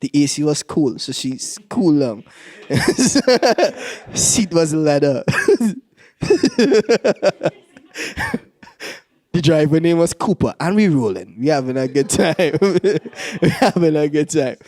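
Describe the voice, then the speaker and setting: A man's voice: a little high, sing-song, slow, darkish tone. A young man with a Trinidadian accent performing a stand-up comedy set, laughing through his own lines as he tells stories. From Trinidad and Tobago.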